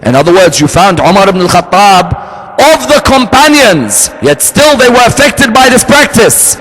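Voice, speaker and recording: A man preaching a sermon, telling a story with acted-out dialogue and shifting his pitch and pace freely. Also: very animated, normal speed, a bit bright. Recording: long hall reverb.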